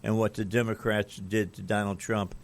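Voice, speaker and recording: A man's voice: on the low side, flat delivery, normal speed, vocal fry. A male talk radio host chatting casually in a studio, rambling with fillers and restarts. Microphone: studio microphone.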